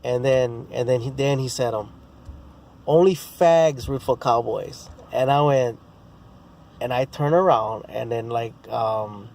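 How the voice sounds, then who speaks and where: A man's voice: medium pitch, steady tone, a little slow, gravelly, a little mellow, slight background noise. A man telling a rambling story in casual vlog style, with many restarts and fillers. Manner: rambling, full of restarts and "you know, bro". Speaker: sports vlogger.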